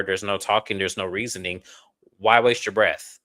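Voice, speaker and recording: A man's voice: fairly low pitch, steady tone, moderate pace, sharp tone. A man co-hosting a casual reality TV recap, frank and opinionated as he talks it through. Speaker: show co-host.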